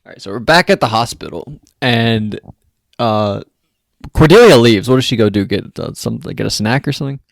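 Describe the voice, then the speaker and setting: A man's voice: medium pitch, moderate pace, vocal fry, no room sound. A man co-hosting a podcast, recapping an episode in casual chat, rambling and full of questions. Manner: rambling, asks many questions, mimics characters. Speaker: podcast co-host.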